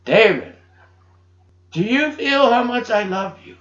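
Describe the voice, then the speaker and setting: A man's voice: very high voice, lively intonation, takes it slowly, fairly bright tone, pitched above the performer's own voice, heavily acted. A man voicing a loving divine figure who speaks tenderly, asking question after question in a raised, pleading voice. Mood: tender urging. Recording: dull roomy home recording.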